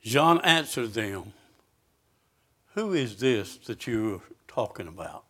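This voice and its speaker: A man's voice: on the low side, big pitch swings, a bit bright. A man preaching a sermon, reading scripture aloud with emphasis and asking his listeners direct questions. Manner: slow, emphatic scripture reading with rising intensity; asks the congregation direct questions.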